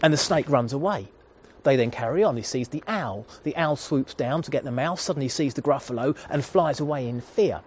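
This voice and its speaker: A man's voice: medium pitch, animated, brisk. A man in his thirties preaching a sermon, retelling a children's story in an earnest storytelling manner.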